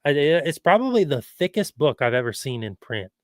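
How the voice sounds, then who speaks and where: A man's voice: on the high side, very animated, fairly quick, no room sound, studio quality. A man as a guest on a podcast interview, eager and agreeable, with rambling asides. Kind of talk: casual interview chat.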